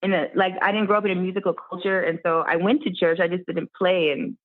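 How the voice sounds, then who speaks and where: Animated woman storyteller on a tinny line. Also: lowish voice, fast. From Miami. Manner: animated, acts out quoted voices. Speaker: guest musician. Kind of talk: storytelling in an interview.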